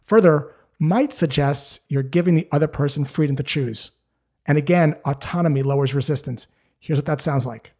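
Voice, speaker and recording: A man's voice: on the high side, normal speed, darkish tone. A man giving a scripted, direct instructional talk as a sales coach, explaining things steadily.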